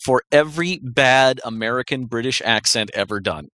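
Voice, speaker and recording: A man's voice: medium pitch, normal speed, sharp tone, no echo. A man co-hosting a casual chat show, rambling with many restarts and frequent laughs. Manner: rambling, self-interrupting, laughs often. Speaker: podcast co-host.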